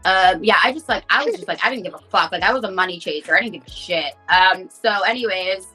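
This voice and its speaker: A woman's voice: lowish voice, quick pace, pushed and bright, slightly rough, soft background music. A woman rapper, telling stories candidly in a casual interview, swearing often and saying "like" a lot. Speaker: rapper guest.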